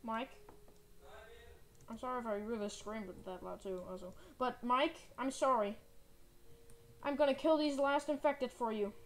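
A woman giving excitable, melodramatic let's-play commentary while calling out to a teammate. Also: on the high side, measured pace, pauses often. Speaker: gaming channel host.

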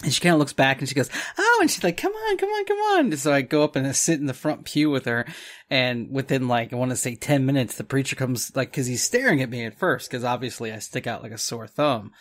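A man's voice: medium pitch, a little fast, fairly bright tone. A man in his thirties telling a rambling story on a podcast, chuckling as he goes and acting out what people said. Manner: rambling, chuckling, acts out quotes. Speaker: podcast co-host. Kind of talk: casual storytelling chat.

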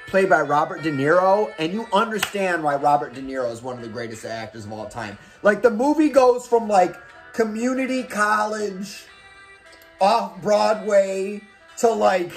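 A man's voice: high-pitched, expressive, measured pace, faint music behind. A man hosting movie recommendations in a casual, profane, rambling comic rant, acting out scenes as he goes. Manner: rambling, swears a lot, acts out scenes.

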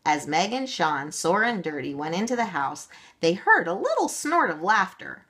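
Expressive woman reading a children's story. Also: low-pitched, moderate pace. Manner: expressive, gentle. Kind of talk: read-aloud children's story.

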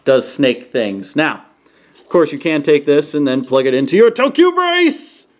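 A man casually reviewing toys on camera, playful, often breaking into goofy high-pitched exclamations. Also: very animated, a little slow, slight background noise. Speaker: toy reviewer. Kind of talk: casual hands-on product review. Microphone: camera he sets up himself.

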